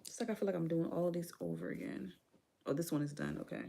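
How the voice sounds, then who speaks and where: A woman's voice: fairly low pitch, fast, vocal fry, mellow, husky. A woman who is a parent, hosting a live stream and chatting candidly with viewers in a casual way. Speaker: livestream host.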